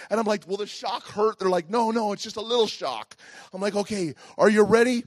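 A man preaching a family service as pastor, telling a childhood story with acted-out voices and then turning quiet and earnest. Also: sits high, fairly quick, no room sound, studio quality. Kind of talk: family sermon with personal storytelling.

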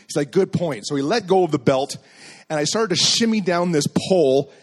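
A man's voice: a little high, lively intonation, brisk. A middle-aged man preaching a sermon as a pastor, telling a personal story and acting out the dialogue in it.

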